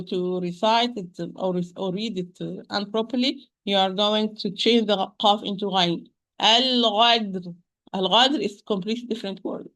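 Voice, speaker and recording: Patient woman teacher for an online recitation lesson; repeats sounds slowly, often restarts mid-sentence. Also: medium pitch. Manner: hesitant restarts, addresses listeners as sisters. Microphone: home computer mic on a shaky internet connection.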